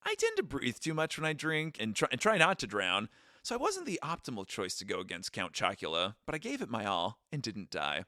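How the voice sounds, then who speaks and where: A man's voice: medium pitch, huge pitch swings, a little fast, sharp tone, dry recording, studio quality. A young man co-hosting a podcast, telling a travel story in casual chat with goofy impressions and a read-from-notes stretch. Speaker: podcast co-host.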